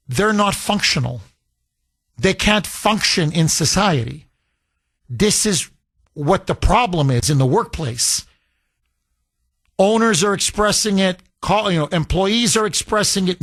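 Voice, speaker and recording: A man's voice: high voice, animated, unhurried, fairly bright tone, dry recording. A man hosting a talk radio show, talking emphatically, repeating himself and slipping into mocking voices.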